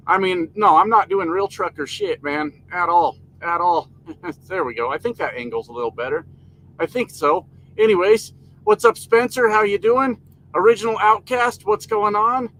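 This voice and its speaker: A man's voice: high voice, lively intonation, normal speed, a bit bright, a little hiss or hum, low-quality recording. A man live-streaming from his truck cab, casually chatting and joking while greeting viewers by name. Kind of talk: casual live stream chat reading comments. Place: inside a parked truck cab.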